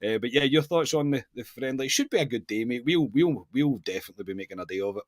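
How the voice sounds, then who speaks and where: A Scottish man hosting a football podcast, chatty and quick to laugh as he steers the questions. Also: medium pitch, expressive, no room sound, clean studio sound. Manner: laughs easily, leads the questions. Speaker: podcast host. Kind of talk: casual football chat.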